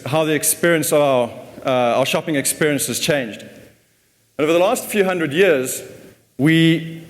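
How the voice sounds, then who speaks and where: A man giving a casual conference talk, often repeating words as he thinks. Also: a little high. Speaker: conference speaker. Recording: long hall reverb.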